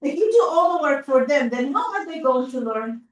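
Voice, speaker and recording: A woman with an Arabic accent teaching a class in a lively, coaxing way. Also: high voice. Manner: lively, coaxing, quick asides to pupils. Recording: roomy classroom from far off.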